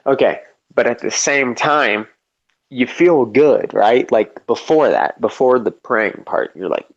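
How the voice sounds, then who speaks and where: A man's voice: medium pitch, lively intonation, a little slow, muffled recording. A man telling a long story in casual chat, rambling and profane, full of "like" and restarts. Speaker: storyteller in a live debate chat.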